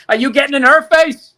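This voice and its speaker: A man's voice: very high voice, pushed and bright. A man co-hosting a podcast in casual chat, joking and ranting with plenty of swearing. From United States. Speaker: podcast co-host.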